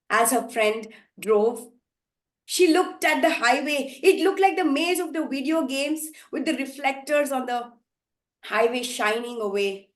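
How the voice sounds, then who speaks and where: A woman telling a story at a live event, dramatic, with sudden loud outbursts and hushed passages. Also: high-pitched. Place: festival storytelling venue. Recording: echoey room, live performance.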